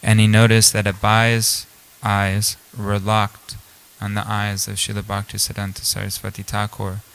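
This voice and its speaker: A man's voice: fairly low pitch, monotone, moderate pace, fairly bright tone, smooth, low-quality recording. A man giving a storytelling scripture class at a temple, speaking casually with many fillers and restarts. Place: temple hall.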